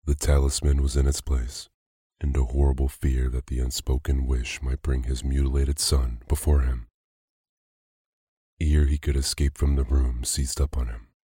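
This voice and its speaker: A man narrating a classic spooky story as a calm bedtime reading for sleep. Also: extremely low pitch, husky, no room sound, studio quality. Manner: slow, calm, even reading.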